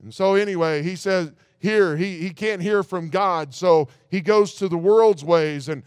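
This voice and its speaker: A man's voice: sits high, moderate pace, few pauses, clear, resonant tone, no room sound, studio quality. A man preaching a sermon, reading scripture aloud and breaking off with rhetorical asides.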